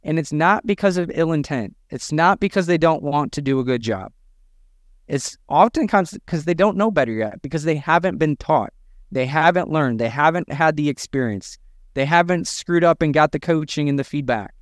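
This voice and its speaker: Male podcast co-host, punchy, coaching tone, smooth voice on a dry mic. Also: on the high side, expressive, normal speed, dry recording. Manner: emphatic, preachy, acts out quotes. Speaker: podcast co-host, gym owner. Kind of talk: energetic business podcast talk.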